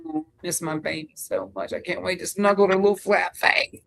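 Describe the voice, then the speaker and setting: A man's voice: sits high, fairly even intonation, moderate pace, gravelly, a bit bright. A man co-hosting a casual live stream, gushing in baby talk and cheering viewers on as he signs off. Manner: gushing baby talk, upbeat sign-offs. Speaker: co-host of a sewing shop live stream. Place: away from the shop, joining remotely.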